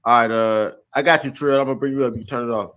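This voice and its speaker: A man's voice: medium pitch, steady tone, fast, fairly bright tone. A man hosting a casual livestream chat, laid-back and slangy with many fillers. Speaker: livestream host.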